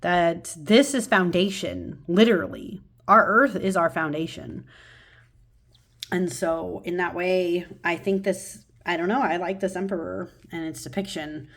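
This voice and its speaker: A woman's voice: fairly low pitch, measured pace, fairly bright tone. A woman hosting a tarot channel, talking casually and enthusiastically with lots of fillers and restarts while showing cards at home.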